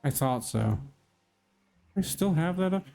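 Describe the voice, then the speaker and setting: Unhurried streamer chatting with viewers. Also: male voice, fairly high pitch, lively intonation, creaky, a little mellow, soft background music. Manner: chatty, reads and answers chat comments. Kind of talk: live stream chat.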